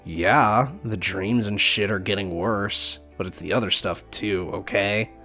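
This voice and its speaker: A man's voice: on the low side, a little slow, bright, forceful tone, faint music behind. A man voicing a small, jittery young male bat who swears a lot and gets defensive, read from a game. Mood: weary, anxious.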